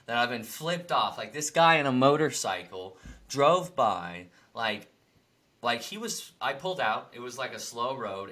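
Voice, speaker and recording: A man co-hosts a casual talk about spiritual ideas, telling his stories in a loose, rambling way full of fillers. His voice is bright and sits on the low side. When he quotes people he turns loud and animated. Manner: animated storytelling, acts out angry quotes loudly. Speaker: podcast co-host.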